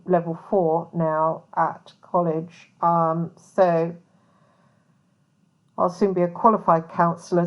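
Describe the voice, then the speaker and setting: A woman's voice: on the low side, a little mellow, dull audio. A woman who works as a private investigator, talking casually to camera in a rambling way full of asides. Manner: rambling, many fillers and asides.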